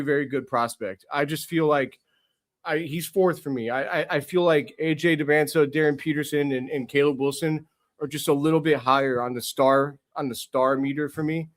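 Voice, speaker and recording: A young man streaming a live sports reaction, overjoyed and swearing freely. His voice sits a little higher than most men's, and he circles back to the same exclamations again and again. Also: fairly quick. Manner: euphoric, swearing, repeating himself. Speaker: sports podcast host.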